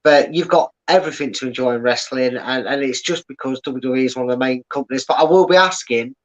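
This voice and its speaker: A man's voice: medium pitch, quick pace. A man chatting casually as a guest, plugging his podcast and explaining at length with many fillers. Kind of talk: casual chat. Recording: slightly dull lo-fi audio.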